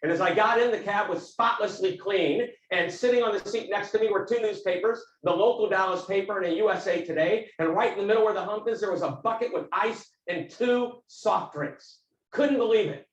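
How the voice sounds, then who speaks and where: A man giving a business talk as a keynote speaker, telling a story in a vivid, animated way. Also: high voice, a little fast, reverberant, recorded from a distance, highs cut off.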